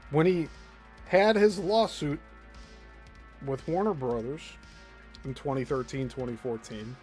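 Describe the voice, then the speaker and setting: Blunt Midwestern man, slow delivery. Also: fairly high pitch. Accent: Midwestern American. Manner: blunt, swears, emphatic. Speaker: commentary host. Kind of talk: opinionated commentary.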